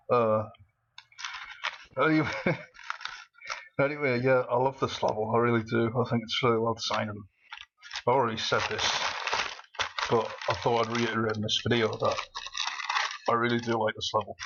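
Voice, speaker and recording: Man, husky voice, has a cold, manic, rambling gameplay commentary, mid pitch, slightly muffled recording. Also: background noise. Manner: manic, rambling, laughing a lot. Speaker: let's play commentator.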